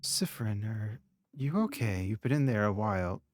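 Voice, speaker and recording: A man's voice: lowish voice, animated, normal speed, no room sound, studio quality, lightly acted. A man reading as a cold, curious woman researcher. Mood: concerned. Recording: game music behind.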